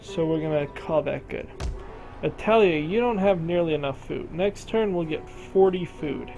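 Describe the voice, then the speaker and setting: A man's voice: fairly high pitch, normal speed, gravelly, warm tone, faint music behind, poor audio. A man casually commentating a strategy game, thinking aloud and talking to the game's regions as if they were people. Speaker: gameplay commentator.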